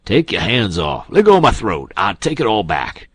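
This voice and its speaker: A man's voice: rumbling low, big pitch swings, a little slow, breathy edge, dry recording, full character voice. A man voicing an older male swindler who drawls and wheedles. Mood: pleading.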